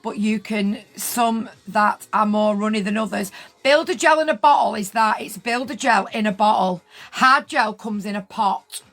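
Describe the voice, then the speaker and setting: A woman's voice: mid-range voice, a bit bright. A woman, chatting casually on a livestream and telling a story indignantly, repeating her points for emphasis. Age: 50s. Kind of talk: casual livestream chat with viewers.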